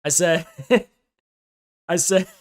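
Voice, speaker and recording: A man's voice: high voice, animated, very slow. A man livestreaming, talking in a heated, profane rant to his chat. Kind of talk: ranting livestream talk.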